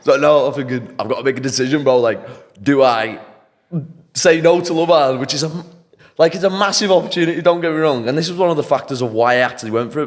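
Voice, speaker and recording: A young man from England, a podcast guest, telling a story in an animated, casual, slangy way and swearing freely. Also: medium pitch. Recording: long hall reverb.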